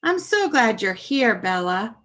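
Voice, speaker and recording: A woman's voice: a little high, very animated, a little slow, a bit bright. A woman voicing a proud, doting grandmother who speaks with a heavy accent. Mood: fond. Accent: heavy foreign accent.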